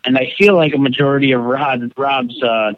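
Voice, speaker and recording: A man's voice: medium pitch, steady tone, moderate pace, no room sound. Laid-back man on a lo-fi recording. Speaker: podcast co-host. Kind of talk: casual chat. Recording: dull, lo-fi dry recording.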